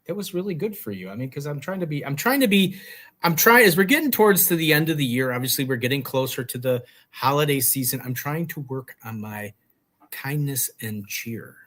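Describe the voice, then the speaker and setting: A man's voice: mid-range voice, lively intonation, brisk, a bit bright. A man co-hosting a live chat show, joking and giving showy introductions. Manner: jokey, theatrical introductions. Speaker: co-host. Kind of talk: casual livestream banter.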